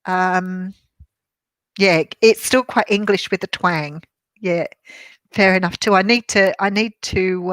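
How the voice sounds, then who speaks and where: A woman's voice: medium pitch, a bit bright, no echo, studio quality. An older Australian woman, a tarot reader, chatting casually on a live stream and answering viewer comments with a bubbly, laughing manner. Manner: chatty and bubbly, laughs often, many ums.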